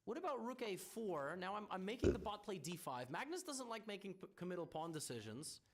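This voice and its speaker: A man's voice: sits high, very animated, a little fast. A man playing chess and thinking his moves through aloud, with stammering restarts and wry teasing of his opponent. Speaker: chess streamer.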